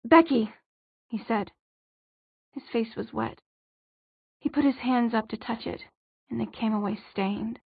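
A woman tells the story in an even, measured audiobook read with a slightly husky, higher voice. The recording is narrow-band and tinny, and completely dry. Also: dry recording. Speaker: audiobook narrator. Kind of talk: audiobook narration.

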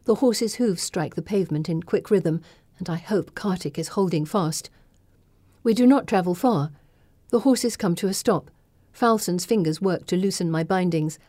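Mellow-voiced woman narrating a novel. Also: on the low side, normal speed, no echo. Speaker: audiobook narrator. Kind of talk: scripted first-person narration.

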